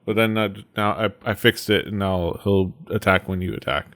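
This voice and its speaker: A man's voice: low-pitched, normal speed, a bit bright. A man running a tabletop game as game master, narrating with many hesitations and restarts.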